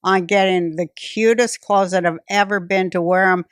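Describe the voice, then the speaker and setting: A woman's voice: mid-range voice, fairly even intonation, moderate pace, clean tone, no echo, studio quality. An older woman hosting a podcast, telling stories in a blunt, drawling, comic way as casual chat. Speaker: podcast host.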